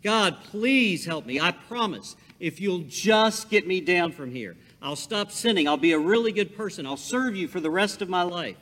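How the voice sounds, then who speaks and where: Preacher guy putting on a panicky stranded man shouting high and loud, big echoey hall. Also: lively intonation, normal speed, hardly any pauses. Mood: pleading. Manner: frantic yelling and pleading. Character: desperate man hanging from a cliff. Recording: long hall reverb.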